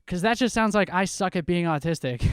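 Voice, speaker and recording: A New Jersey stand-up comedian performs a self-deprecating set on a club stage into a handheld mic, with relaxed deadpan delivery. His voice is high-pitched and smooth at normal speed, in a dry, studio-quality recording.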